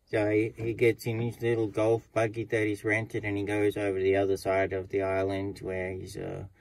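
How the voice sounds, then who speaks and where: A man's voice: on the low side, completely flat delivery, normal speed, creaky, darkish tone, no echo, low-quality recording. A man with an Australian accent telling a joke as a casual, rambling yarn. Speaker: joke teller.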